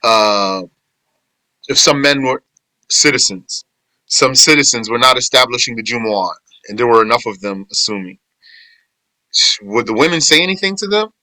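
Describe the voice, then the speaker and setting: A man's voice: medium pitch, animated, moderate pace, long pauses, pushed and bright, no room sound, poor audio. A man teaching an informal class on Islamic law, quizzing his students, restating points and correcting phrasing as he goes. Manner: quizzes students and answers their replies. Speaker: religious teacher.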